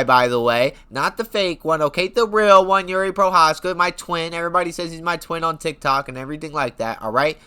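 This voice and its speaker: A man's voice: on the high side, animated, moderate pace, few pauses, pushed and bright. A young man chatting casually about upcoming MMA fights in a hyped, profane, rambling way. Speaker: MMA commentary YouTuber. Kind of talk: casual fight-talk vlog.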